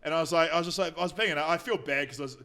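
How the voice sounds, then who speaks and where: A man's voice: fairly high pitch, racing, pushed and bright. A young adult man with a New Zealand accent, a comedian guest telling rambling anecdotes on a casual podcast. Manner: rambling anecdotes with mocking quoted voices. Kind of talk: casual chat, storytelling.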